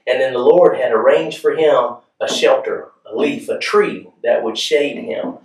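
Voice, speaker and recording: Recorded from a distance in an echoey church hall, a pastor with a medium-pitched voice preaches conversationally at a moderate pace with few pauses. His intonation is fairly even, his voice is off-mic, and he often asks the room whether they follow.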